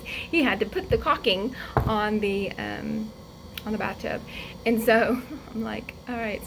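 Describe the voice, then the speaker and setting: A woman vlogger telling a personal story in a casual, chatty way, laughing often, acting out quotes, and going soft and hushed as she reflects. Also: medium pitch, gravelly, background noise.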